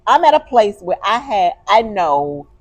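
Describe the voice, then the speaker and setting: Lively expressive woman telling a story. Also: medium pitch, unhurried. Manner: animated storytelling, turns emotional. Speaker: podcast co-host. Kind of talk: casual chat.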